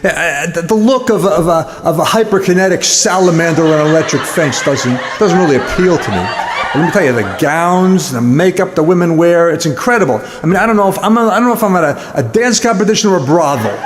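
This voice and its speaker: A man telling comic stories about dancing, deadpan, dropping his voice low to act out the other people in his jokes. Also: a little fast, a little hiss or hum. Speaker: stand-up comedian. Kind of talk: comic storytelling with acted-out dialogue.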